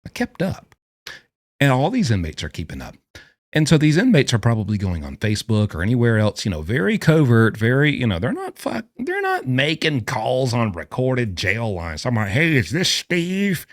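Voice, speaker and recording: A man who is a former prisoner giving an animated, ranting commentary full of emphatic rhetorical questions. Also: medium pitch, normal speed, no room sound. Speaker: vlogger and former prisoner explaining prison life.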